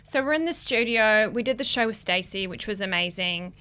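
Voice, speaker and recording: A woman's voice: mid-range voice, brisk, clean tone. A young woman with a New Zealand accent, co-hosting a podcast in casual chat, telling stories dramatically with lots of swearing. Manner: animated, dramatic storytelling with frequent swearing and laughter. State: burnt out, emotional. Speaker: podcast co-host.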